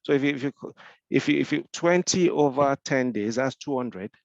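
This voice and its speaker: A man's voice: mid-range voice, moderate pace, vocal fry, dry recording, lo-fi sound. A man with a Nigerian accent, mentoring in a Q&A discussion, explaining with rhetorical questions and frequent repeated restarts.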